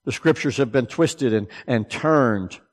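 A man preaching a sermon, swinging between loud, emphatic declarations and low, hushed asides. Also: measured pace, big-room sound.

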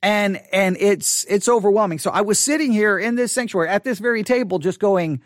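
A man in his forties with a fairly high voice, speaking to his online audience. His delivery is earnest and halting, with frequent restarts and repeated words. The recording is close and dry, with no room echo. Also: animated. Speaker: online Bible teacher. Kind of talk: personal monologue to an online audience. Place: empty church sanctuary.

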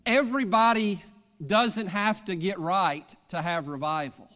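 A man's voice: high-pitched, measured pace, a bit bright. A male preacher, delivering a sermon, reading scripture aloud and building to fervent preaching. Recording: long hall reverb.

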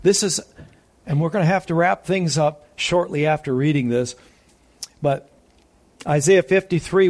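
Slow, deliberate male preacher. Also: on the high side, darkish tone. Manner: reads scripture aloud with emphatic pauses. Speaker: pastor. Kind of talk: sermon.

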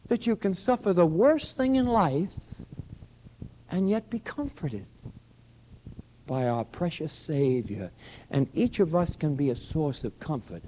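An older man preaching a sermon as pastor, dropping to a hush and then rising to loud, pressing questions at his congregation. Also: fairly high pitch, sing-song, measured pace, long pauses, a little hiss or hum, poor audio. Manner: swings from hushed to loud preaching.

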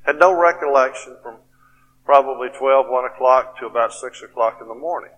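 A middle-aged male preacher tells his story to a conference crowd in a plain, folksy way, leaning on "you know" between phrases. His voice sits at an ordinary pitch for a man. The sound carries a long reverb from the hall. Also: fairly quick, a bit bright. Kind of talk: conference sermon with personal story.

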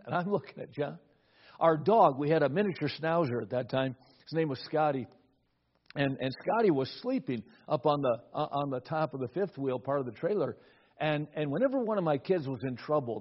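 A man's voice: a little high, breathy edge. A middle-aged man preaching a sermon, telling a family story with repeated words at the start of phrases. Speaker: pastor. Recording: dull lo-fi recording.

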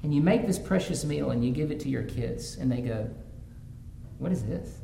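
A man's voice: mid-range voice, brisk, creaky, dark tone. A man preaching a sermon as pastor, telling stories from his own family life and rising to fervent emphasis. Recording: roomy echo, faint background noise.

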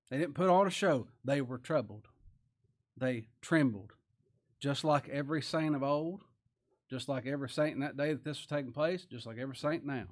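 A man preaching a sermon in a folksy, animated way, reading scripture slowly and with emphasis, then dropping to near-quiet asides. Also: medium pitch. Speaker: pastor.

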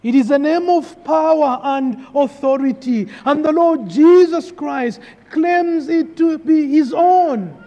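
A man's voice: extremely high pitch, slow pace, hardly any pauses, dark tone, muffled recording. A man preaching a sermon, emphatic and repeating key phrases for weight. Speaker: pastor. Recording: long hall reverb.

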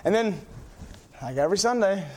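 Young man, preacher, high-pitched voice, excitable rambling sermon, lots of fillers. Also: a little fast.

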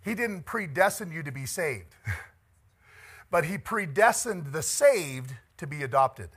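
A man's voice: a little high, very animated, slow, a bit bright, slightly rough. A middle-aged man preaching a conversational sermon as pastor, chatty and joking, laughing often and moved by the text.

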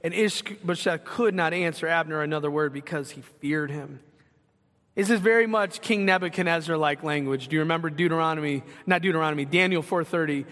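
Male preacher, high and bright, lively teaching sermon with questions. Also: a little fast, big-room sound. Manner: animated teaching with questions to the congregation. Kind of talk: expository sermon.

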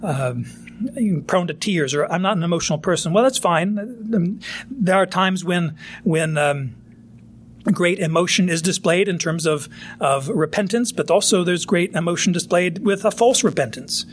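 Earnest preaching man, slightly high voice. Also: normal speed. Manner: earnest, plain-spoken, acts out quoted voices. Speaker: pastor. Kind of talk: sermon.

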